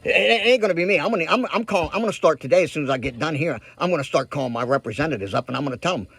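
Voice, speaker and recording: Guy ranting at the camera, husky voice, dry close sound, keeps repeating himself. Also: fairly high pitch, expressive, rapid-fire, fairly bright tone, no room sound. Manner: heated, repetitive, emphatic, addresses viewers directly. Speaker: political vlogger. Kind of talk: ranting direct-to-camera commentary.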